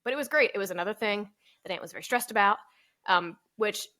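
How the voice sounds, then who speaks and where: A woman's voice: medium pitch, quick pace, sharp tone. A woman co-hosting a casual business podcast, chatty and self-deprecating, laughing often. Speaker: podcast co-host. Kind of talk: casual chat.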